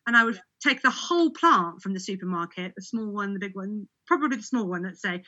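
A woman's voice: medium pitch, expressive, brisk, pushed and bright, lo-fi sound. A woman from Britain chatting casually about cooking with olive oil, laughing often and restarting sentences. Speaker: olive oil expert guest. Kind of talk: casual conversational interview.

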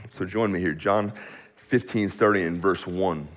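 A man preaching a sermon as pastor in a church room, energetic and informal, often saying "man" and speeding up when he gets worked up. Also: low-pitched, a little slow.

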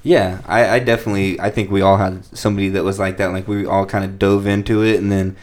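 A man's voice: low voice, fast. A man hosting a casual chat, a rapper who tells rambling, profane stories. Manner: rambling, profane, animated storytelling.

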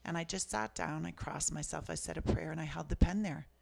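A little fast and creaky, her deep voice carries personal stories told in conversation. She's a Canadian author in her fifties, appearing as a guest, and comes across as earnest, reflective and soft-spoken.

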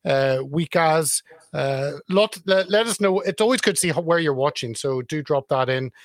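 Dry brisk male stream host. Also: on the high side, no echo. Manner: brisk, reads out viewer comments. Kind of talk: casual stream chat, reading comments.

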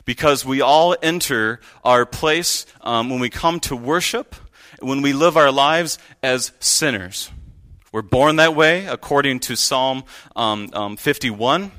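Bright-voiced man preaching. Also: medium pitch, slow. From United States. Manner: conversational, earnest storytelling with asides. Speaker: guest preacher. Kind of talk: sermon. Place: church pulpit.

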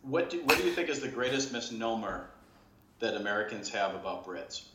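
A man's voice: on the low side, very animated, brisk, roomy sound, very noisy. A middle-aged man interviewing a guest on a podcast in a genial, joking way. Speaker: interviewer, radio veteran.

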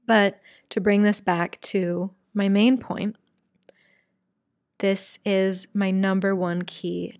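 A young adult woman teaching a guided breathwork lesson, calm and soft-spoken, then candid and casual as she explains. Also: mid-range voice, no echo, studio quality.

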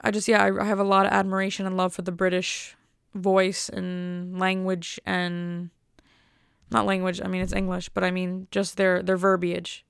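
Gravelly young American woman rambling casually. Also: fairly low pitch, completely flat delivery, normal speed, no room sound, clean studio sound. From United States. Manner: rambling, enthusiastic, wry. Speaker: vlogger. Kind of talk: casual monologue.

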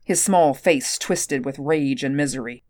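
A woman narrating an audiobook at a measured, steady pace. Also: a bass voice, dry recording.

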